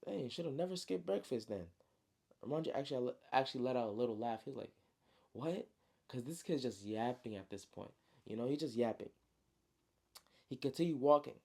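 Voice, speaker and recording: A man casually retelling his novel in slangy, relaxed speech, full of "you know" fillers. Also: mid-range voice, a little fast, vocal fry, breathy edge. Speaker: storyteller and author.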